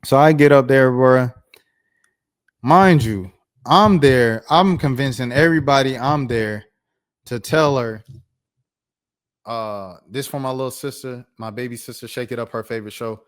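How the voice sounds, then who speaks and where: A man around thirty telling a personal story on his vlog in a casual, slangy, animated way. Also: mid-range voice, a little slow, long pauses, clean tone. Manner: animated, slangy, acts out voices. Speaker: YouTuber.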